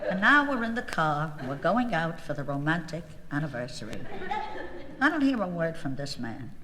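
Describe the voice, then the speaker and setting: A woman's voice: deep voice, very animated, normal speed, pushed and bright, big-room sound, slight background noise. A woman delivering a comic monologue, telling an exasperated story to a listener.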